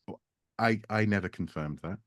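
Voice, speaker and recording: A man's voice: on the low side, normal speed, dry recording. A man as a guest in a casual chat, joking dryly and often trailing off. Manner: dry joking, trailing off, hesitant restarts. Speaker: guest archaeologist.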